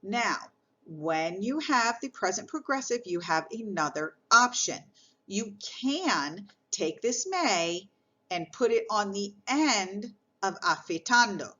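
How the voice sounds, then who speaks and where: Woman, mid-pitched teacher voice, patient step-by-step explainer, muffled recording. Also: lively intonation, takes it slowly, bright, forceful tone. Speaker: Spanish teacher. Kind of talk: recorded lesson explaining grammar.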